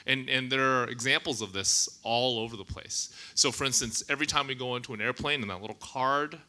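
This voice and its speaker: A man's voice: medium pitch, a little fast, sharp tone. A man on a conference panel, earnestly making an argument, with a few fillers and restarts.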